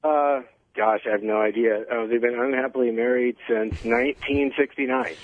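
A man's voice: medium pitch, steady tone, moderate pace, slight background noise. A man calling into a radio show, chatty and complimentary. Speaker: radio caller. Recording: thin phone line.

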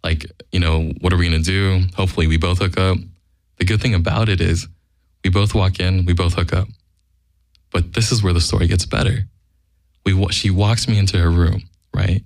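A man's voice: low voice, fairly even intonation, normal speed, a little mellow, dry recording, studio quality. A man telling a casual, profane anecdote in a blunt way, acting out the quoted lines. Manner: blunt, acts out quoted dialogue. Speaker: guest storyteller.

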